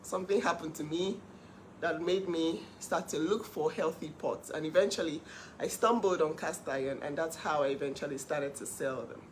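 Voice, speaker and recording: A woman who sells cookware, talking casually on a livestream in an animated, emphatic way and laughing often. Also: deep voice, normal speed, a little hiss or hum. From Nigeria. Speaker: cookware seller hosting a livestream.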